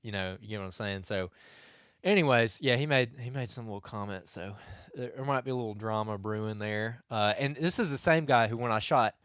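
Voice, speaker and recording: Young podcast co-host, lowish voice, loose rambling storyteller, dry studio sound. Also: male voice, a little fast, a bit bright, smooth, dry recording. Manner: rambling storyteller, many restarts and asides. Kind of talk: casual hunting podcast chat.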